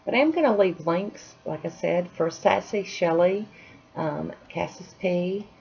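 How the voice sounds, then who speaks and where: A woman's voice: on the low side, unhurried, creaky, a little mellow. A woman chatting casually through a nail art tutorial at home, apologetic and self-deprecating as she works. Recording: dull lo-fi sound, faint hiss.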